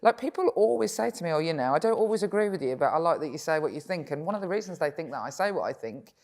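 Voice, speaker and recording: A woman's voice: low voice, lively intonation, rapid-fire, darkish tone. A middle-aged woman with a Birmingham accent, talking frankly and chattily as a guest in an onstage conversation. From England. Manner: frank, chatty, laughs easily. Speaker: politician guest.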